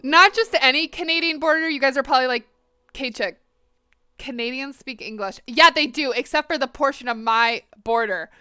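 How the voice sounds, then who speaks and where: A woman's voice: high voice, normal speed, pushed and bright, smooth, no room sound. A woman in her twenties with an American accent, chatting casually and animatedly with live stream viewers while coloring. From northern United States.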